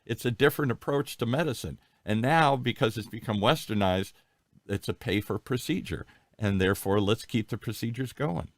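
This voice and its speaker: A man hosting a health talk show, telling stories in a halting, animated way. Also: medium pitch, dry recording. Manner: animated storyteller, halting with fillers. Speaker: podcast host. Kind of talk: casual chat.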